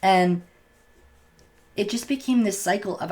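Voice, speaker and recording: A man's voice: sits high, normal speed, darkish tone. Candid young man, stumbling over words. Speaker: vlogger. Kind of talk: casual personal storytelling to camera.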